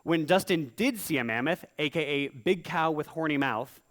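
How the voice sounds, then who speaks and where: A playful stand-up comic rhymes through a live set on stage and slips into quick voices. The pitch sits a bit above the usual and jumps about. The sound is a stage microphone. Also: male voice, expressive, a bit bright. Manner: playful, theatrical, quick vocal impressions. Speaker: stand-up comedian. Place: live comedy stage with audience.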